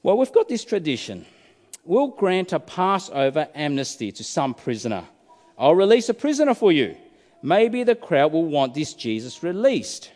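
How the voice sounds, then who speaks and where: A man's voice: a little high, big pitch swings, normal speed, a little mellow. A male preacher voicing a wavering Roman governor who is coaxing a crowd. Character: wavering Roman governor, middle-aged man. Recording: reverberant hall.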